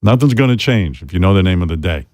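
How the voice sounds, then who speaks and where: A man's voice: sits low, expressive, fast, darkish tone, no room sound, clean studio sound. A man hosting a radio talk show, telling stories in a blunt, profane, exasperated way. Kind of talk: talk radio chat, storytelling.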